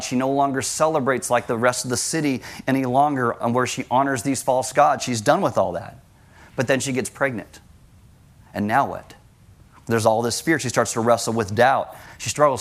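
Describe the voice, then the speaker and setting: A man preaching in an explanatory teaching sermon, his voice at a middle pitch. He leans on rhetorical questions and repeats key points for emphasis. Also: moderate pace.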